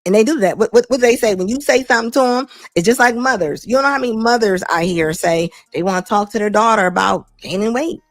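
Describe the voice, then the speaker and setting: A middle-aged woman hosting a talk show, giving blunt, animated opinion commentary and laughing often. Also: a little high, quick pace, few pauses, no echo. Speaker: host.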